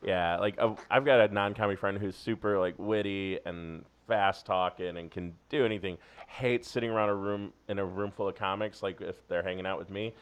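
A man's voice: low voice, fairly even intonation, fairly quick, hardly any pauses, clear, resonant tone. A man in his forties, a guest comedian, telling rambling jokey anecdotes in casual podcast chat.

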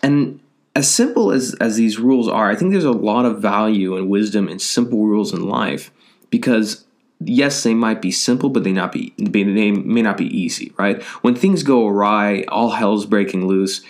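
A man's voice: fairly low pitch, moderate pace. A man giving a loose, conversational motivational talk, with lots of fillers and a habit of tagging his points with "right?".

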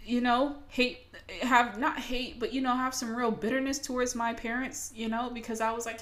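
A woman's voice: on the high side, fairly even intonation, normal speed, hardly any pauses, fairly bright tone. A young adult woman ranting casually to her audience, swearing freely and self-mocking with dramatic flair. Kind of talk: casual rant to camera.

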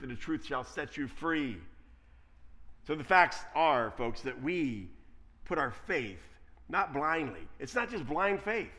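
Animated, bright-voiced male preacher. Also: a little high. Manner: animated preaching, swings between quiet asides and loud emphasis. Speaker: pastor. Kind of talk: sermon.

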